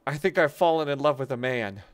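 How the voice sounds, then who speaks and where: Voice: medium pitch, expressive, fairly quick. A person casually feeding roleplay lines to another player and laughing. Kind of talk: casual chat.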